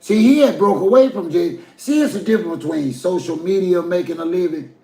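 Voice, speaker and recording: A man's voice: sits high, brisk, dark tone, roomy sound. A man from the American South with a Southern accent, giving a folksy, preachy opinion rant and talking straight to his viewers. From Southern United States. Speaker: commentary vlogger.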